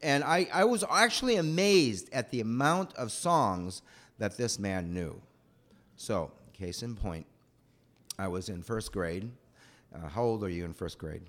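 A man telling a personal childhood story in a rambling, animated way. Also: fairly low pitch, measured pace. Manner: animated, rambling, acts out voices.

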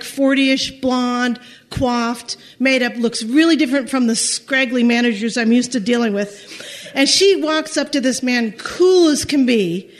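Woman storyteller, high voice, halting and repetitive, chuckling through her own tale. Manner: halting, repeats words, laughs through the telling. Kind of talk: personal storytelling.

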